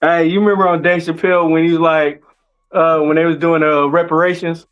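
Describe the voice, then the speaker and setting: A man's voice: fairly high pitch, steady tone, a little fast, smooth, faint music behind. A man co-hosting a wrestling talk show, trading laid-back, laughing banter. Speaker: podcast co-host. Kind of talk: casual wrestling chat.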